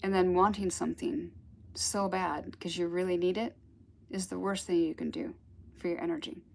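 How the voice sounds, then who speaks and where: Her pitch sits fairly low, with a darkish, creaky tone and fairly even intonation at a normal speed. She's a spiritual teacher delivering an informal talk full of rambling, chatty stories and laughs.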